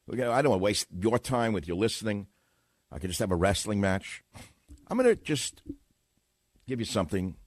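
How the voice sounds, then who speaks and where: A man's voice: on the low side, dry recording. Man, talk radio host, from new york, blunt, sarcastic, dry close mic. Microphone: studio microphone.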